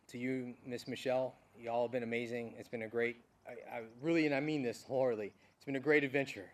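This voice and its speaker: A man's voice: medium pitch, far from the mic. A middle-aged man, a departing army general, giving a heartfelt farewell speech with folksy asides at an outdoor military ceremony.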